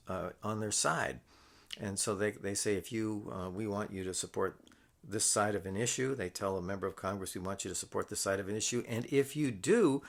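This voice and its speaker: Man, lower voice, recorded lecture, explains step by step, fillers and restarts. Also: fairly bright tone. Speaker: political science lecturer.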